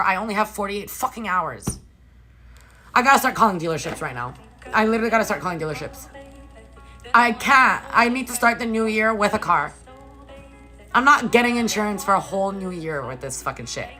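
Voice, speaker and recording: A woman's voice: fairly high pitch, rough recording. A young woman vlogging casually from a hotel room, chatting with her viewers, reading out their questions and swearing freely. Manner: chatty and animated, swears often, reads out chat questions. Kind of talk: casual chat.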